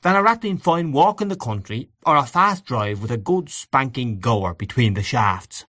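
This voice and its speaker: A man voicing a bluff, hearty gentleman in a storybook reading. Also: fairly high pitch, wildly swooping pitch, fairly quick, slightly rough, no room sound, clean studio sound, voice pushed up, exaggerated voice. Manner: stout, bluff.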